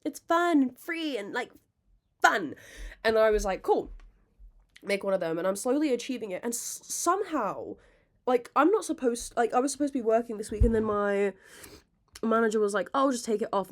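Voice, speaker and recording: Chatty young woman rambling. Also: on the high side. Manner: rambling and animated, swearing freely; self-mocking, quick to laugh. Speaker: podcast host. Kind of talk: casual chat.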